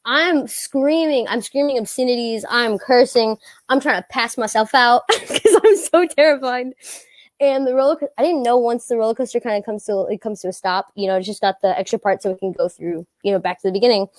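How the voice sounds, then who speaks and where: A young woman, a guest singer telling a lively story and acting out the other people's voices. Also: a little high, brisk, dry recording. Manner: animated, acts out voices in her story. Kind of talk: casual storytelling.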